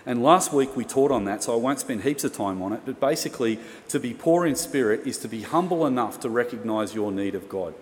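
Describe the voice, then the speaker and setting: An Australian pastor delivers a storytelling sermon, sharing a personal story in a casual, chatty way with self-mocking humour. His medium-pitched voice is expressive and brisk with few pauses, and the reverberant hall carries faint room noise.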